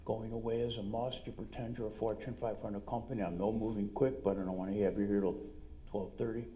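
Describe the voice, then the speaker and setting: A middle-aged man with a New York accent gives an energetic, salesy seminar talk at a conference, full of quick asides. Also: on the low side, muffled recording, a little hiss or hum. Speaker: dentist and business speaker. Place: conference room.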